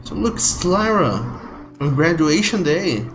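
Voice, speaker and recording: A man streaming a video game live, swearing at the game and chatting with viewers in an excitable way. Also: fairly high pitch, unhurried, soft background music. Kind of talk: live gameplay commentary.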